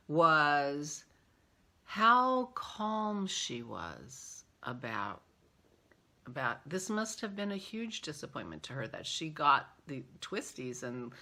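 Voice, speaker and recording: A middle-aged woman hosting a casual vlog, rambling warmly with many fillers and small laughs. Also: low-pitched. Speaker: podcast host.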